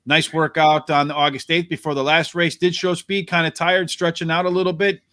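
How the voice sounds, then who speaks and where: A man hosting a horse racing preview, walking through post positions, pace and jockeys in a brisk, analytical way. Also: on the high side, level tone, a bit bright, no echo, studio quality. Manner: brisk, analytical, addresses co-host by name. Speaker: racing handicapper host.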